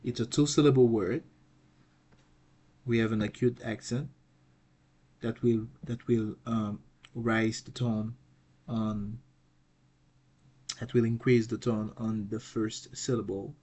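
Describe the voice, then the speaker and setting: Slow, halting man teaching a lesson. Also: fairly low pitch, fairly even intonation, breathy edge. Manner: halting, restarts and repeats words while explaining; says example words loudly twice. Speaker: language teacher.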